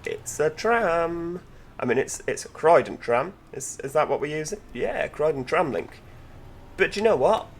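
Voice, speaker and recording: A man's voice: fairly high pitch, animated, moderate pace, slight background noise. A man hosting a gameplay video, commentating with enthusiasm as he drives and chatting to the in-game passengers. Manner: enthusiastic, chatty, full of tag questions; talks to in-game passengers while driving. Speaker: gaming channel host.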